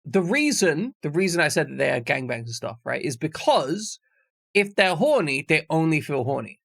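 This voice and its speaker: Male streamer, fairly high gravelly voice, dry close mic, rambling jokey chat. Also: very animated, normal speed, a bit bright, dry recording. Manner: rambling, jokey, swears freely. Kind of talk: casual chat with stream viewers.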